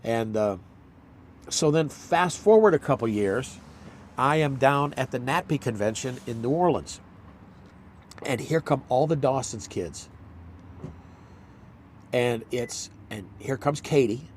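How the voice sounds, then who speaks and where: An older actor in a casual chat, telling rambling anecdotes and acting out quotes. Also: male voice, medium pitch, lively intonation, slow, long pauses, a little hiss or hum. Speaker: actor, guest.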